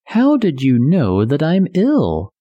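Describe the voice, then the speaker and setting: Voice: medium pitch, wildly swooping pitch, slow pace, no room sound, lo-fi sound, pitched above the performer's own voice, heavily acted. A reader doing a wary sick bird lady. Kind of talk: storybook reading.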